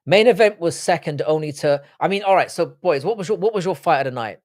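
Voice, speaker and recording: A man's voice: a little high, expressive, fast talker, darkish tone, no room sound, studio quality. Profane, blunt man. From United Kingdom. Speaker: livestream panel host. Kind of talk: casual live-stream chat.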